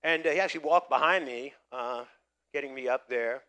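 A middle-aged man from the United States, a pastor telling a personal story in a sermon and building from quiet recollection to loud, emphatic preaching. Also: medium pitch, brisk, clear, resonant tone.

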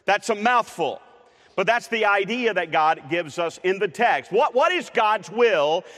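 A man's high, slightly bright voice fills a church sanctuary with a long, echoing reverb as he preaches conversationally, with frequent uh's and restarts. He keeps a measured pace and lively intonation, staying playful with the congregation.

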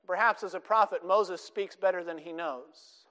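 A man's voice: sits high, normal speed, sharp tone, in a large hall. A man preaching a sermon, explaining scripture and quoting it with emphatic rises and drops. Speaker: pastor.

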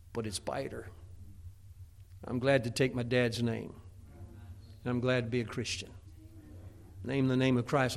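A man's voice: mid-range voice, a bit bright, a little hiss or hum. A middle-aged man preaching a sermon in a folksy way, often restarting with stammered repeats. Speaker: pastor.

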